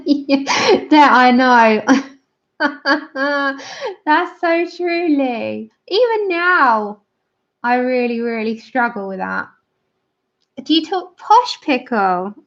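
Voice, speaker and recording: A woman's voice: sits high, expressive, extremely slow, pauses often, fairly bright tone. A British woman hosting a livestream, chatting casually with viewers while colouring, laughing often and answering comments. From Britain. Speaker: livestream host. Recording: dull lo-fi stream audio.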